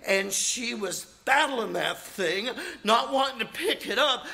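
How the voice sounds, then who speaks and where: Man, evangelist, sermon, high-pitched, bright tone, animated preaching. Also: a little slow, creaky. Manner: animated preaching with acted-out quotes.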